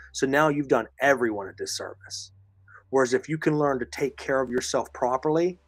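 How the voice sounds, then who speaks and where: A man's voice: medium pitch, no room sound. Man losing his voice, earnest podcast advice. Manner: emphatic, repeats phrases, coaching tone. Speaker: podcast co-host. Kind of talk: earnest advice talk, reading listener comments.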